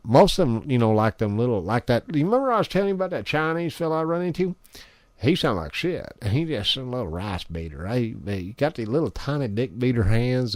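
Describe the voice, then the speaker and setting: A man's voice: on the low side, a little mellow, no echo. A man who operates an amateur radio station, talking through a gear demo in a boastful, crude and folksy way into a close studio microphone.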